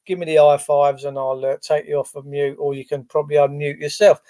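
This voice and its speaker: Male stream host: a touch high, mellow and soft-edged, loose and chatty. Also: little pitch movement, a little fast. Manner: rambling, chatty, lots of fillers. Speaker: livestream host. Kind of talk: casual live-stream chat.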